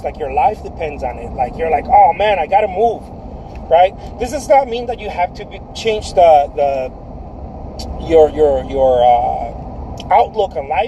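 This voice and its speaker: A man's voice: high-pitched, mellow, slight background noise. A man, a painter, giving emphatic career advice in a casual livestream, repeating his phrases and calling the listener dude.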